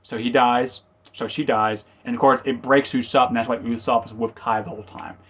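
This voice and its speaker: A man's voice: medium pitch, fairly even intonation, brisk, breathy edge. Rambling man recapping an episode. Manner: rambling, self-correcting, acts out quotes. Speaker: reviewer. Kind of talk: casual spoken review.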